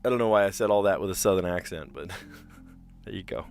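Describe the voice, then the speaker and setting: Low-voiced chatty man thinking aloud. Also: fairly quick, faint music behind. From South Jersey. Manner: chatty, muses aloud and second-guesses himself. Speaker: livestream host playing word puzzles. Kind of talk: casual thinking-aloud commentary.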